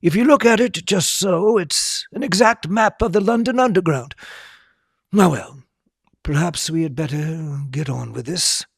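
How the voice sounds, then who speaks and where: A man voicing a kindly, whimsical old wizard headmaster who speaks gently and wryly. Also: on the high side, a little slow, creaky, husky, no room sound, clean studio sound, voice pushed up, heavily acted.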